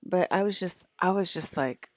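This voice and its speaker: A woman's voice: fairly low pitch, normal speed, dry recording. A woman talking casually to her viewers in a loose, rambling monologue full of "like" fillers. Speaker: vlogger.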